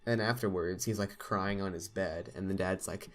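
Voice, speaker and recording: A man's voice: deep voice, fairly even intonation, moderate pace. A young man telling a long story in casual podcast chat, rambling with lots of fillers. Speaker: podcast co-host.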